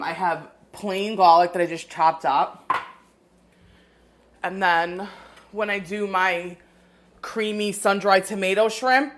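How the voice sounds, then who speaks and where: Chatty woman hosting a live cooking stream. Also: lowish voice. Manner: chatty, greets viewers, rambling asides. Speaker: cooking show host.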